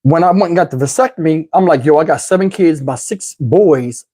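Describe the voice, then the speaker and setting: A middle-aged man telling a comic story, animated, with loud outbursts while acting out quotes. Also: on the high side, brisk. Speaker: comedian. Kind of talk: stand-up storytelling.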